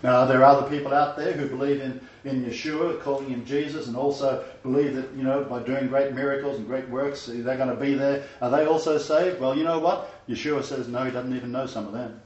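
A man's voice: mid-range voice, steady tone, a little fast, few pauses, a little mellow. A man leading a Bible study, reading scripture aloud and breaking off into emphatic, conversational commentary. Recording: roomy, distant, dull sound.

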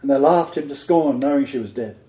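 A man's voice: medium pitch, brisk, dark tone. A man leading an interactive Bible study, quizzing his group and laughing often. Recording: roomy dull lo-fi recording.

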